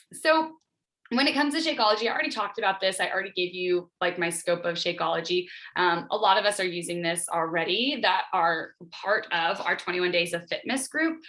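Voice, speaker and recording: A woman's voice: on the low side, bright, forceful tone. A woman fitness coach telling her own story on a group call, chatty and full of "like" fillers, acting out what she said back then. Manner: chatty, lots of "like" fillers, acts out her own past lines. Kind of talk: casual testimonial on a group call.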